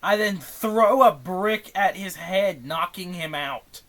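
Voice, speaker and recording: A man's voice: sits high, slow, fairly bright tone. A young man streaming a chatbot role-play game, casual and exasperated, swearing often. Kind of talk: casual live-stream commentary.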